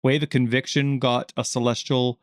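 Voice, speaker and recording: A man's voice: medium pitch, flat delivery, normal speed, no room sound. Man, podcast co-host, chatty, rambling, laughs a lot, dry close mic. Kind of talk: casual gaming chat.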